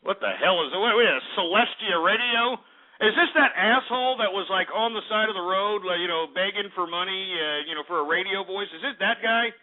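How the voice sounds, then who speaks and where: A man hosting a call-in radio show, ranting loudly with exasperated exclamations. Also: sits high, brisk. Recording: tinny phone-like radio audio.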